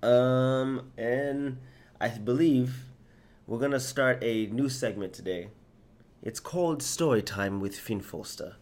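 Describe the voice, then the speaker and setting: A man co-hosting a casual podcast, telling the story in an upbeat, animated way. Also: medium pitch, slow. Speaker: podcast co-host.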